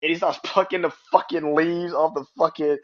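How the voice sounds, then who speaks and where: Profane, excitable man with a muffled sound. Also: on the high side, brisk. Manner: excitable, profane, laughs often. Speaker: podcast host. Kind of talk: casual wrestling review.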